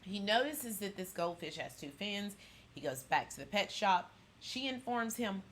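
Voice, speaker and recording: A woman's voice: mid-range voice, animated, moderate pace, fairly bright tone, slight background noise. A woman hosting a pop culture channel, casually recapping an episode in a rambling way full of fillers and restarts.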